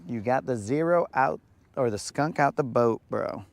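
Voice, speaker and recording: A man's voice: medium pitch, moderate pace, creaky. A man hosting a live fishing vlog from a boat on a lake, bantering in a laid-back, joking way. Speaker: fishing show host.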